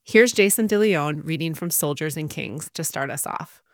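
A male radio host with a gravelly, creaky voice introduces the next segment. The sound is dry and close, with no room around it. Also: a little high, moderate pace, fairly bright tone, dry recording. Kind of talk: broadcast introduction.

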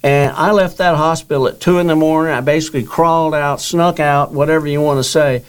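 Older man, interview guest, animated storyteller, quoted dialogue, higher-pitched. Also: a little fast, smooth. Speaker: guest author. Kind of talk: telling his story in an interview.

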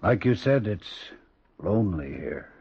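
A man's voice: lowish voice, big pitch swings, unhurried, creaky, slight background noise, heavily acted. A terse, lonely signalman. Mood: quietly mournful. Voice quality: quiet, terse, mournful. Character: lonely, strange male railway signalman. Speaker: signalman and telegrapher. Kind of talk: 1940s radio acting. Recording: dull lo-fi old radio recording.

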